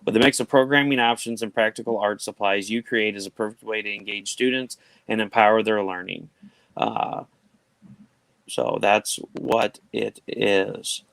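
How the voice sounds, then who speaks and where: Male auction host, low voice, dry close sound, jokey casual delivery. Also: normal speed, vocal fry, a bit bright, no echo, rough recording. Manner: jokey, reads item blurbs aloud. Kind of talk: casual livestream chat.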